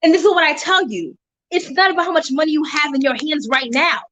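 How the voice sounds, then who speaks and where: High-voiced woman sharing an animated testimony. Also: fast, poor audio. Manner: animated, preacher-like emphasis, laughs often. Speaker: motivational speaker on a live stream. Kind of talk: personal faith testimony to viewers.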